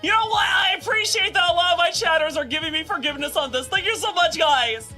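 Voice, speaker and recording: A woman streaming live and chatting casually with her viewers, excitable and often shouting in playful exasperation. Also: very high voice, quick pace, faint music behind.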